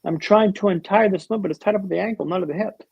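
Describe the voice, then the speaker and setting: As a guest in a podcast interview, a man with a high, husky voice and vocal fry tells a vivid, humorous story punctuated by dramatic pauses. The recording is dull, lo-fi and dry.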